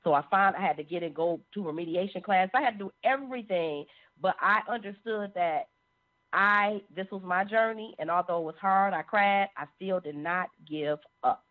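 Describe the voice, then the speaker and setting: A woman sharing a personal testimony in an animated storytelling manner. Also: mid-range voice, normal speed. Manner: animated, acts out quoted voices. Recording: phone-like narrow sound.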